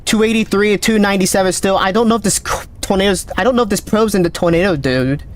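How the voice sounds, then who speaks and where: Man streaming a game, high voice, excited commentary, voice cracking. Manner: excited, calls out numbers rapidly. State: voice cracking, thirsty. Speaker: gaming streamer. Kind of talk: live gameplay commentary.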